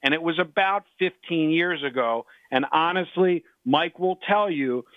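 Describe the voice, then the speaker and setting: A middle-aged man who handicaps sports bets talks fast and eagerly, repeating phrases and cutting across the others. His slightly high voice comes through a tinny phone connection with no room sound at all. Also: dry recording. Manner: excitable, repeats himself, talks over others. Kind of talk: sports radio talk. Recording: dry tinny phone line.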